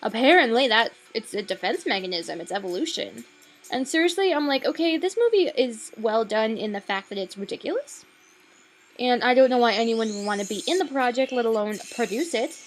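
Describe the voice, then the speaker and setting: A young woman with a slightly high, animated voice rambles briskly through a sarcastic film review at home at night. She swears frequently and peppers her speech with likes and ums.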